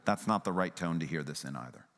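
A man preaching a sermon as a pastor, earnest and conversational, at times dropping to a soft, hushed voice. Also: low-pitched, animated, fast, big-room sound.

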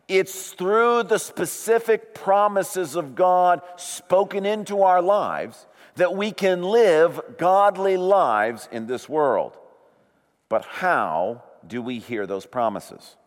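A man preaching a sermon as pastor, slow and deliberate, leaning on key words. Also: sits high, expressive. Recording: long hall reverb.

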